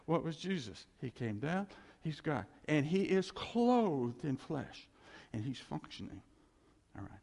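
A man preaching in an animated, conversational way, laughing between his points. His voice sits high and swings widely. A long church reverb trails behind him. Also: a little slow, vocal fry. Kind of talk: sermon.

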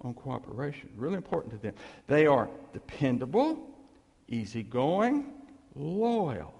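A male pastor giving a conversational sermon, animated, checking in with the listeners and asking "okay?" again and again. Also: mid-range voice, measured pace, vocal fry, slightly rough, in a large hall.

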